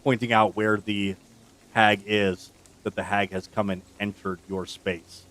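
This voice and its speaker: A low-pitched man leads a tabletop session as game master. He narrates the action at an easy pace and slows down for dramatic beats. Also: little pitch movement, a bit bright.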